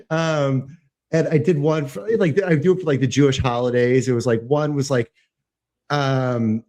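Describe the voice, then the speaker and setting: A man's voice: mid-range voice, unhurried, darkish tone. A man co-hosting a podcast in casual chat, telling stories in a rambling way with lots of fillers and frequent laughter. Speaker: podcast co-host.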